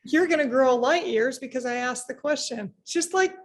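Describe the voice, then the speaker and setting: A woman business owner chatting in an interview, animated, acting out what people said, with frequent restarts. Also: sits high, normal speed. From United States. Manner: animated, acts out quoted remarks, frequent restarts. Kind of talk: casual interview conversation.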